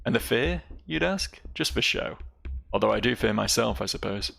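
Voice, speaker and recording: Man reading as a gravelly repentant gang boss. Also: mid-range voice, animated, normal speed, a bit bright, full character voice. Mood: devoted. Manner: rough folksy speech, reading dialogue aloud.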